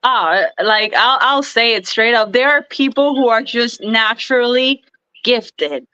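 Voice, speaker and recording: A woman's voice: on the high side, a little slow, clear, resonant tone, no echo. A young woman from Puerto Rico, a wrestler chatting as a podcast guest, telling stories in a bubbly, giggly way over a remote call. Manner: chatty, giggly, animated storyteller. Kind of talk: casual interview chat. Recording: dull, lo-fi dry sound.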